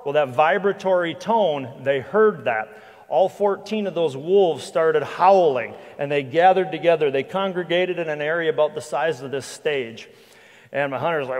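A man, a hunting guide and guest speaker, telling a lively anecdotal story to a church audience, with frequent restarts. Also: on the high side, normal speed. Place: church hall with live audience. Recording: long reverb of a large hall.

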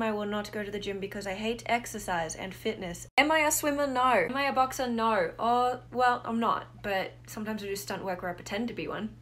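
A woman's voice: a little high, fairly bright tone, slight background noise. A woman with an Australian accent, talking casually and jokingly in a self-filmed vlog, using plenty of slang. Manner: chatty, joking, slang-heavy. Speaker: TikTok creator and studio owner.

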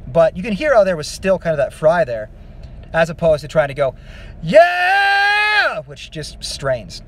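A man giving a casual singing lesson, explaining vocal technique in a relaxed, rambling way with many fillers. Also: on the high side, normal speed, a little hiss or hum. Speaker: vocal coach.

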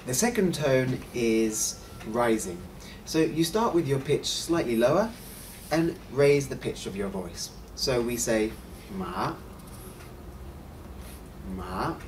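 A man's voice: mid-range voice, very animated, a little mellow. Guy teaching a language lesson, voice moves up and down a lot, a bit far from the mic with some hiss. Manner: clear, encouraging, models sounds slowly. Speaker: host and Mandarin teacher.

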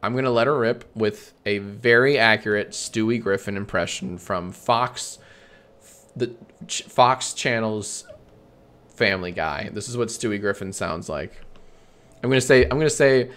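A man streaming a comedy bit, bantering with himself in a deadpan, sarcastic way and swearing often. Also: fairly low pitch, a little slow, smooth.

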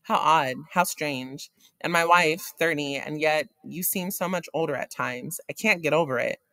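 A man's voice: fairly high pitch, moderate pace, pushed and bright, dry recording, low-quality recording. A man voicing a weary, conflicted fireman in a read-aloud of a novel. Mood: guarded.

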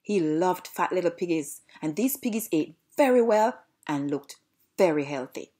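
A woman's voice: fairly low pitch, normal speed, slightly rough. A woman with a Jamaican accent reading a storybook aloud. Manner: lively read-aloud narration.

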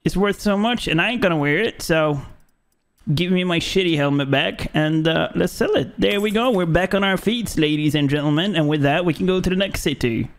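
A man, not an English speaker, commenting on his own gameplay, taunting enemies playfully and yelling out in fights. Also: a little fast. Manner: playful trash talk at enemies; bursts into high shouts during fights. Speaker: gaming YouTuber. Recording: game music playing behind.

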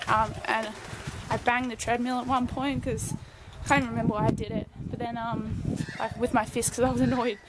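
A chatty, breathless woman vlogger rambles in casual, self-deprecating talk, her fairly high voice level in tone and a little fast. The recording is very noisy, with music playing behind her.

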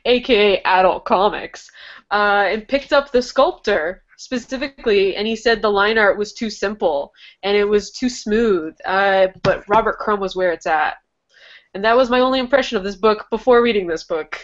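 A woman's voice: medium pitch, moderate pace, muffled recording. A woman chatting on a video call from her bedroom, joking and laughing easily. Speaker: book club member. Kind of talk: casual video-call chat.

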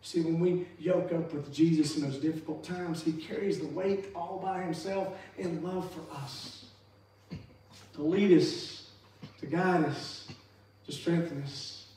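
High-voiced man preaching in an echoey church. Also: fairly even intonation, a little slow, slight background noise. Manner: preaching with emphatic rises and soft drops. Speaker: pastor. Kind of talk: sermon. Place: church sanctuary. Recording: echoey church hall, mic far off.

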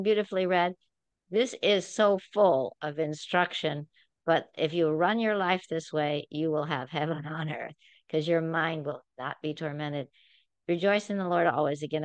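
A woman's voice: low-pitched, smooth, no echo. Earnest woman teaching Bible study. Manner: earnest, emphatic, conversational preaching.

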